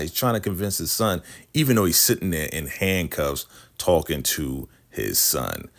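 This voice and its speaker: A man's voice: low voice, big pitch swings, normal speed, vocal fry, hardly any pauses, a bit bright. A man recapping a TV drama episode in a chatty way, often tagging his points with "right?". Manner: chatty, keeps asking "right?", acts out quotes. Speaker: show recapper.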